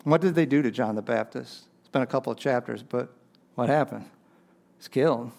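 A man's voice: medium pitch, a little fast, gravelly, darkish tone. A male pastor preaching a conversational sermon, often asking the congregation rhetorical questions.

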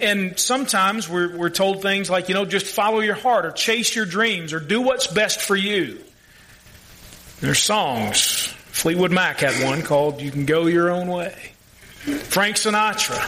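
A man's voice: sits high, pushed and bright. A male pastor preaching a sermon, earnest and asking the congregation questions.

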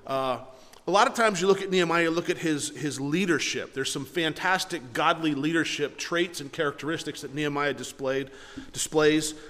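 Brief: male pastor, high voice, conversational sermon, long hall reverb. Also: moderate pace, fairly bright tone. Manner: conversational, restarts often.

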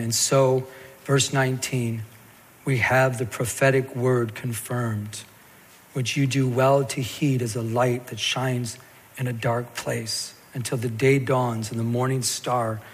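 A man preaching a sermon as a pastor, telling the scripture story in a lively way and acting out the stammering parts. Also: medium pitch, slight background noise. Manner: animated storytelling, acts out Peter's stammer. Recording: long hall reverb.

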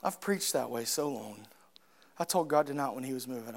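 A man preaching a sermon, swinging from quiet, low reflection to loud, high-pitched fervor. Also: lively intonation, moderate pace, vocal fry.

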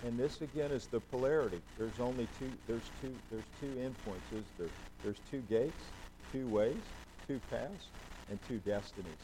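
A man's voice: medium pitch, normal speed, background noise. A man, a pastor, preaching a conversational sermon and putting questions to the congregation.

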